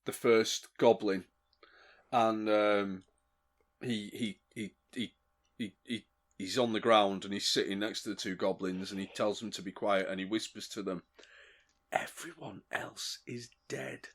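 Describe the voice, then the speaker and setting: A man's voice: fairly low pitch, flat delivery, normal speed. A man describing his character's actions in a tabletop game, in a thoughtful, hesitant way. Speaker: player.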